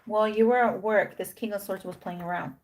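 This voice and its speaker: A woman reads tarot cards in a loose, talkative way at an ordinary middle pitch. She comes back to the same phrases again and again for emphasis. She sprinkles Spanish slang into her English and slips into quick acted lines for the figures on the cards. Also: steady tone, slight background noise. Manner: drops in Spanish slang words; acts out imagined dialogue of the cards' figures. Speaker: tarot reader. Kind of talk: casual tarot reading to camera.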